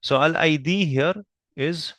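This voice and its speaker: A man's voice: on the high side, fairly bright tone, no echo. A man teaching Arabic grammar, patiently explaining each point and checking understanding with frequent questions. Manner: spells out Arabic terms slowly. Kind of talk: explaining lesson at a whiteboard.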